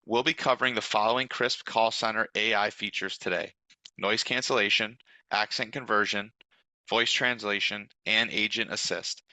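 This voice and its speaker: A man with a low-set voice and a very bright, forceful tone presents a scripted product demo. His delivery is polished and upbeat, and the sound is dry and close. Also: fairly even intonation, normal speed, no echo, low-quality recording. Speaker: demo host.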